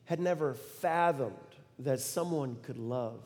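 A middle-aged man preaching a sermon, telling a story in an animated way and acting out the quoted lines with sudden loud bursts. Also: medium pitch, takes it slowly. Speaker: pastor. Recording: long reverb of a large hall.

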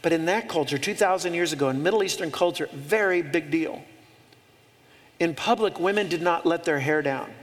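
A male pastor delivering a sermon with lively storytelling and dry humorous asides. His voice sits a touch high for a man and carries a long reverb that trails off the walls of a big hall. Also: normal speed.

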